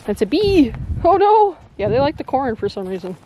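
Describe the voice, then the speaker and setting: On her farm, a homestead vlogger and mother patiently walks her little son through feeding the chickens, repeating short, casual instructions. Her voice sits high and mellow, swinging widely in pitch at a moderate pace. The outdoor camera audio picks up clear farm noise, with chickens clucking in the background.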